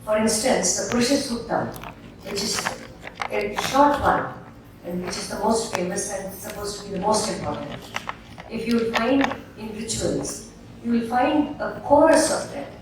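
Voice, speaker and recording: Lively woman explaining in an echoey hall. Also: mid-range voice, normal speed. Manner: explanatory, adding to the previous speaker. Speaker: panelist. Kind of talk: panel discussion. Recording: echoey hall, distant mic, noise.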